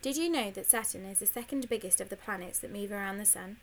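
A woman reading an audiobook, voicing a bossy, show-off schoolgirl who lectures and teases in a lively, raised voice. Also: mid-range voice, fast, a little hiss or hum, lightly acted. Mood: teasing. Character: bossy know-it-all schoolgirl, smug show-off.

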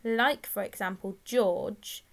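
A woman's voice: medium pitch, slow pace. A woman reading an audiobook, voicing a stern, sarcastic male schoolteacher who talks in a correcting, teacherly way. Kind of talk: audiobook character voice.

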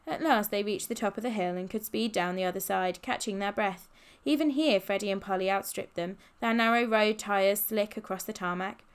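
A woman narrating a children's audiobook in a lively, expressive way. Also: medium pitch, normal speed, hardly any pauses, clear, resonant tone.

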